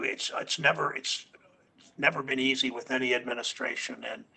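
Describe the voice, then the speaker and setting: An older man, a senator at a committee hearing, questioning a nominee in a halting, earnest way and often restarting his words. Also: medium pitch, gravelly, sharp tone, husky, rough recording.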